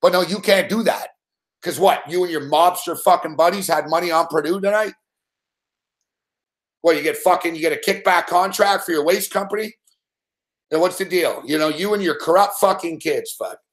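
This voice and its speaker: A man's voice: fairly high pitch, normal speed. A young man hosting late-night sports betting commentary, ranting angrily and swearing at a referee. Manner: profane angry ranting.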